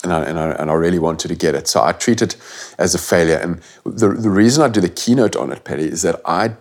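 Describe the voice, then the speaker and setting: A middle-aged man tells a gripping personal story in an interview. His voice sits very low, and he talks bluntly and earnestly, dropping the odd swear word and restarting his sentences. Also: fast talker, a little mellow. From South Africa. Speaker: guest.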